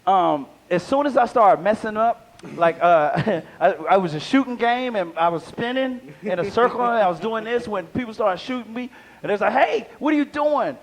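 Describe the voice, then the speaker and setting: A man's voice: sits high, moderate pace. A man performing a live stand-up set, talking back and forth with the crowd. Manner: animated crowd work, talks to audience. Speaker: stand-up comedian. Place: small live venue.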